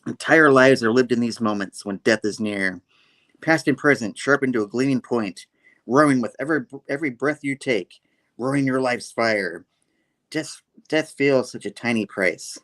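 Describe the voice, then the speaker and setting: A man reading a relentless comic-book hunter, measured and brooding. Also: medium pitch, fairly bright tone, close to an everyday voice. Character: brooding male hunter, middle-aged, relentless.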